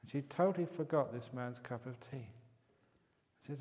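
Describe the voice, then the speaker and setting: A man giving a calm meditation talk, speaking gently and growing softer on key words. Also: medium pitch, normal speed. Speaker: meditation teacher. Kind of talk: dharma talk with a joke. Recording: long hall reverb.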